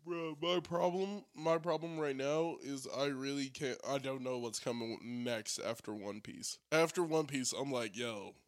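A young man chatting casually with friends, hesitant and searching for words with drawn-out fillers. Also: mid-range voice. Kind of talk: casual chat.

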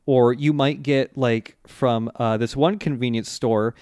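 A man co-hosting a casual podcast chat, relaxed and swearing freely, with many fillers. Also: mid-range voice, unhurried, clear, resonant tone, no room sound, studio quality. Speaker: podcast co-host.

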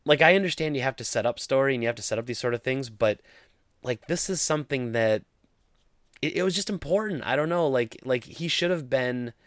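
A man's voice: mid-range voice, dry recording, studio quality. Man giving an exasperated movie review. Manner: opinionated, exasperated critique. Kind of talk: casual spoken movie review.

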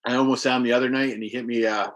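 A man's voice: mid-range voice, very fast. Casual male co-host, loose storyteller, salty language. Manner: swearing, animated storytelling about games. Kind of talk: casual chat.

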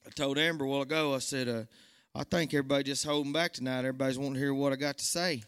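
A man's voice: medium pitch, steady tone, rapid-fire, smooth. A nervous man, giving a church testimony that swells into fervent preaching. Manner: Southern country speech, swells to fervent shouts. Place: church sanctuary. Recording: long church hall reverb.

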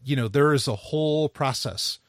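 A man's voice: medium pitch, normal speed, no echo, studio quality. A man co-hosting a podcast, talking casually and rambling with many restarts. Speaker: podcast co-host. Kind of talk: casual chat.

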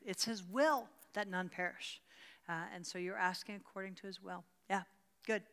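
A woman's voice: fairly low pitch, moderate pace, fairly bright tone, clean tone. Older woman teaching in a reverberant hall. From rural Pennsylvania. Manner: fervent, repeats words, answers questions from the room. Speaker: Bible study teacher. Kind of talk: teaching a church group with prayer.

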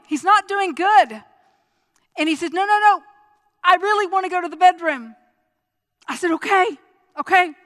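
High-voiced woman preaching in a hall. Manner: storytelling, stammering restarts, swings from hushed to loud and impassioned. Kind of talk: sermon with personal testimony.

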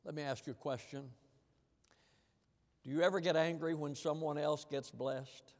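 A man preaching a sermon, slipping into the voices of the people in his story and swinging from quiet asides to loud declarations. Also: fairly high pitch, fairly even intonation, normal speed. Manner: acts out the angry elder brother in plain voice, from soft asides to loud. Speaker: pastor. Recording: long hall reverb.

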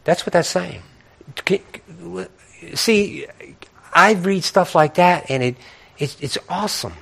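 A man preaching a sermon, reading scripture quietly and then building to emphatic, repeating rhetorical questions. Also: sits high, animated, slow pace, gravelly, slightly rough. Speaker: pastor.

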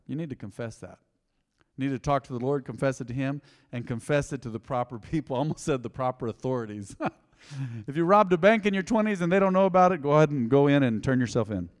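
A middle-aged man preaching a sermon in a church, passionate and emotional, swinging between loud excitement and quiet, earnest talk. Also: mid-range voice. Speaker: pastor. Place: church sanctuary. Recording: long hall reverb.

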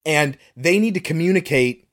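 A man's voice: fairly high pitch, animated, normal speed. A man co-hosting a film podcast in casual chat, retelling scenes sarcastically and swearing freely. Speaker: podcast co-host reviewing a film.

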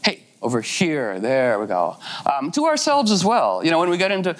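A woman's voice: low voice, very animated, normal speed. A woman giving a loose, rambling talk, playful and full of fillers, acting out little quotes as she goes.

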